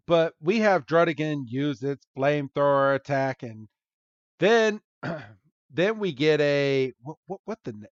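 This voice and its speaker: A man's voice: on the high side, lively intonation, takes it slowly, no room sound, lo-fi sound. A man co-hosting a podcast, chatting casually and animatedly, recapping a cartoon with frequent laughs and apologetic asides. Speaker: podcast co-host.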